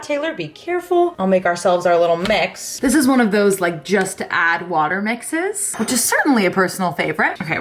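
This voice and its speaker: A woman's voice: mid-range voice, a little hiss or hum. A young woman in her twenties chatting through a cooking vlog in her home kitchen, bubbly and self-deprecating. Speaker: lifestyle vlogger. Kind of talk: casual cooking vlog chat.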